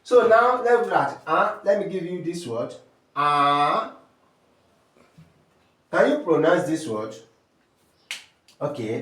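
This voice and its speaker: A man's voice: a little high, distant mic. A man with a Nigerian accent teaching French sounds step by step, repeating terms and asking rhetorical questions. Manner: slow, repetitive drilling with rhetorical questions. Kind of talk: step-by-step language lesson. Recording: echoey room, voice from off-mic.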